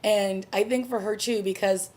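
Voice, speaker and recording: Woman vlogger talking through a tv episode, chatty, mid pitch, lots of you know and like. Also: fairly even intonation, normal speed, darkish tone. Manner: chatty, conversational recap with fillers. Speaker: TV review vlogger. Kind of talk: casual spoken episode review.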